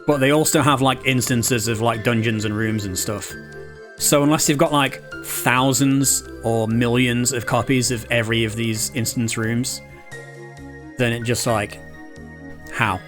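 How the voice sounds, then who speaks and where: A man giving casual, chatty commentary while playing a video game, thinking aloud. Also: medium pitch. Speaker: streamer. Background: game music.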